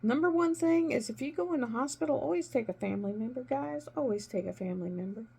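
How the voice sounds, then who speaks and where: Middle-aged lady chatting while she crafts, kinda high and gravelly, really emphatic, faint hum behind. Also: quick pace. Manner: animated, emphatic retelling of conversations. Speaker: crafting vlogger, former nurse. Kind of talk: casual storytelling while crafting.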